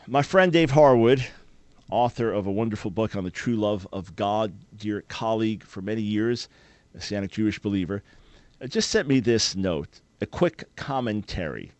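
A man's voice: on the low side, animated, moderate pace, a little mellow, no room sound. A man hosting a call-in radio talk show, speaking in an earnest, emphatic, preacher-like way into a studio microphone.

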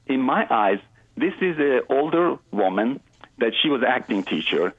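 Husky man on a phone line. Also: medium pitch, sing-song, fairly bright tone, no room sound. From Iran. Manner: earnest, halting non-native phrasing. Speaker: guest. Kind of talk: personal faith testimony in an interview.

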